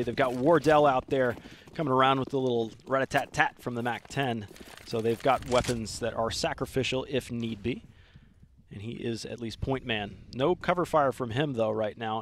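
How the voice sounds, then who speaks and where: A man with a Southern US accent doing excitable live esports commentary. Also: medium pitch, a little hiss or hum. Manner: excitable, talks over the action.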